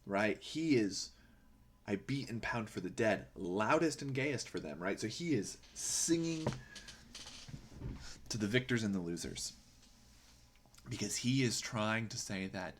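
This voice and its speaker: Male poetry podcast host, low and breathy, emphatic reflective commentary. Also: lively intonation, unhurried, long pauses. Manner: earnest, emphatic, asks rhetorical "right?".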